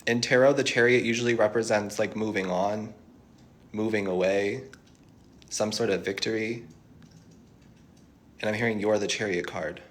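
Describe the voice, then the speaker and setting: A man's voice: lowish voice, fairly even intonation, moderate pace, long pauses. A young man giving a tarot reading to viewers, reassuring and thinking aloud as he channels messages. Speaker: tarot reader.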